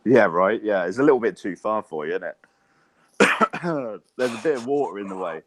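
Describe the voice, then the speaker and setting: Deep-voiced Englishman chatting casually. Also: moderate pace. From England. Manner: relaxed, swears freely, lots of ums. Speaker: interview guest. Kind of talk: casual interview chat.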